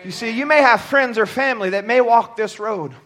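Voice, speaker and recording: A man preaching a sermon from a church pulpit, shouting at times and dropping low at others, often stumbling over his words. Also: fairly quick. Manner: impassioned, swings from shouting to near-quiet.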